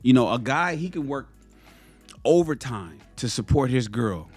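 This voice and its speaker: A man talks straight to his audience in a loose, storytelling monologue, his pitch swinging up and down with lively expression. He often restarts and repeats phrases as he goes. Faint music plays underneath. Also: a little slow. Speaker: motivational vlogger. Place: home in Los Angeles.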